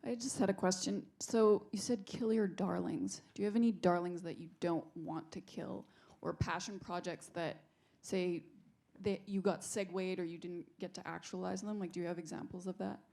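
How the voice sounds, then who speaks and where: Woman, audience question, tentative, gravelly, low warm tone. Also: fairly even intonation, normal speed. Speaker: audience member asking a question.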